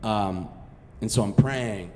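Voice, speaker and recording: A man's voice: lowish voice, takes it slowly, big-room sound, slight background noise. A man from Massachusetts telling a story on stage in a casual, profane, self-mocking way. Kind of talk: live storytelling.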